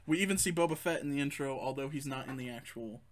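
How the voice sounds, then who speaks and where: A man co-hosting a casual chat, retelling a fan film with laughs and quick imitations of the characters. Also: mid-range voice. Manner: laughing, quoting characters in quick put-on voices. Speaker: podcast co-host.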